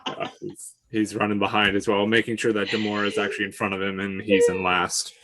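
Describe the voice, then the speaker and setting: A man playing a live tabletop game, excitable and cheering the others on. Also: fairly low pitch, a little fast. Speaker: player. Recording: loud hissy mic noise.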